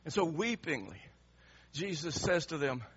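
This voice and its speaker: Emotional pastor with a bright husky voice. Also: male voice, fairly high pitch, very animated, moderate pace. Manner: emotional, swinging from soft to loud. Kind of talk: sermon. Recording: slightly muffled sermon recording.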